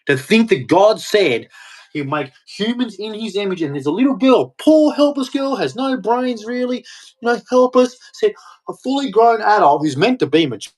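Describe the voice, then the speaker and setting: A man's voice: high-pitched, expressive, normal speed. A man delivering an angry, heated rant, swearing and speaking with hard emphasis. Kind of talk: angry ranting monologue.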